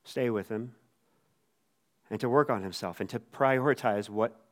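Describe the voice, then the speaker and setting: A man's voice: medium pitch, a little slow. Conversational man preaching a sermon. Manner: conversational, animated, acts out quotes. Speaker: pastor.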